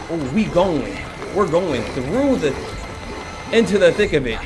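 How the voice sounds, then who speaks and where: A man commentating his own horror game playthrough, excitable, joking and yelling for help as he plays. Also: fairly high pitch, fairly quick, music in the background. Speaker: gaming channel host. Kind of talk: let's play commentary.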